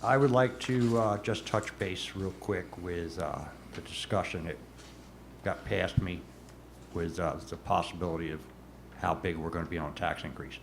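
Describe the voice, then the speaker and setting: A man's voice: deep voice, normal speed, slight background noise. A man serving as a city commissioner, pressing his points in a council meeting and often repeating words.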